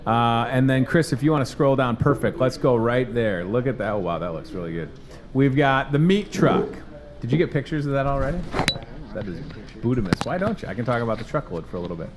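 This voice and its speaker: An upbeat man hosts an in-store promo segment from a supermarket, his pitch sitting in an ordinary middle range. He talks in a chatty, salesy way, pushing deals and bantering with the crew. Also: expressive, brisk, noisy background.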